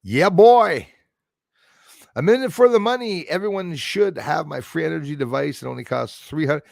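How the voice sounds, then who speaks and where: Gravelly man chatting on a livestream. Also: fairly high pitch, moderate pace, a little mellow, no echo, studio quality. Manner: rambling, jokey, chuckles often. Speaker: livestream host answering viewer comments. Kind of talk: casual livestream chat.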